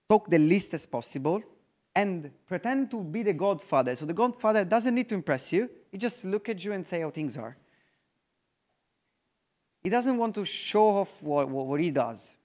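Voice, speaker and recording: A man with an Italian accent speaks from a conference stage in a voice pitched a little high for a man. His English is loose and full of restarts, and at times he slows to a near-murmur to drive a point home. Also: lively intonation. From Italy. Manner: non-native English with restarts, drops to very slow, soft delivery for effect. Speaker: investor giving a conference talk.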